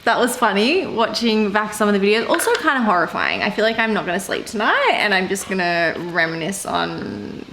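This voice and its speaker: A woman's voice: medium pitch, animated, brisk, few pauses, fairly bright tone, echoey room, slight background noise. A young woman vlogger gushing and squealing as she reacts to her old videos. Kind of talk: casual reaction vlog.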